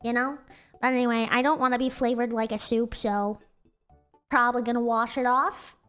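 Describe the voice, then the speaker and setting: A woman's voice: a little high, fairly even intonation, moderate pace, fairly bright tone, smooth, soft background music. A woman with an American accent chatting casually on a livestream, giggly and rambling with lots of "like" fillers.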